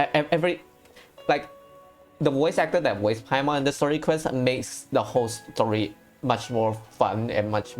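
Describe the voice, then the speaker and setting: A young game streamer chatting loosely through a reaction stream, stumbling over words and restarting sentences, often joking at their own expense. The voice sits at a mid pitch, with soft game music underneath. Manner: rambling, with many restarts and stammered repeats; joking and self-mocking. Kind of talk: casual livestream reaction commentary.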